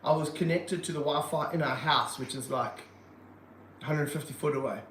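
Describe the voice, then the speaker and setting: A slightly high-voiced man chats excitably on a livestream, dropping slang and jokes. He is in a reptile room with hard walls that ring around his voice, and a faint hum sits underneath. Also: normal speed, roomy sound, rough recording. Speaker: reptile park owner and streamer. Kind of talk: casual livestream chat.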